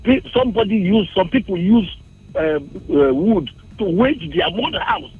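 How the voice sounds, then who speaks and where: Nigerian male caller, agitated and repetitive, high lively voice, husky and gravelly, tinny phone line. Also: unhurried. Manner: agitated, repeats that he is angry.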